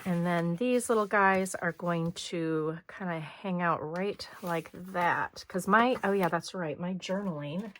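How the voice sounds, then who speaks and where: A middle-aged woman talks viewers through a scrapbooking project at a slow, easy pace, her voice a touch low and slightly hoarse. She chats as she works, stopping now and then to clear her throat. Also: fairly bright tone, a little hiss or hum. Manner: chatty, talks while working, frequent throat clearing. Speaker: scrapbooking host. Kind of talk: hands-on craft tutorial.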